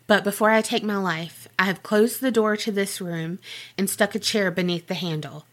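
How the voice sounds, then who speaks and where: A grieving old school janitor pens his last letter in a storybook reading, as a woman reads it out. The voice sits low and hushed, slow and grave. It is a plain reading voice rather than a big character turn. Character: despairing old male school janitor writing a farewell letter. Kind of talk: scripted narration.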